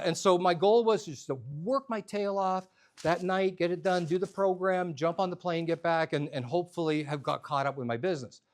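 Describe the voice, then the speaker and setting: A man telling a personal story to a live audience, in an animated, humorous, conversational way. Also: fairly high pitch.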